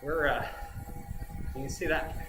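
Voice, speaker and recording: A man's voice: fairly high pitch, fairly even intonation, unhurried, reverberant, music in the background, low-quality recording. A man chatting casually while riding an indoor bike, thinking aloud as he pedals hard. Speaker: cycling vlogger.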